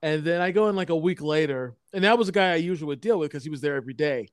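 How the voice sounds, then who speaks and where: A man's voice: fairly high pitch, rapid-fire, clear, resonant tone, no room sound, studio quality. A man telling long, profane anecdotes in a casual chat, rambling with many restarts. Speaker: storyteller in a podcast chat.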